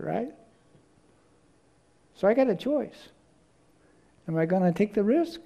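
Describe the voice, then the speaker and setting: A man's voice: high-pitched, expressive, slow, vocal fry, long pauses, dark tone. A man preaching a sermon, telling stories and often repeating words as he searches for the next one.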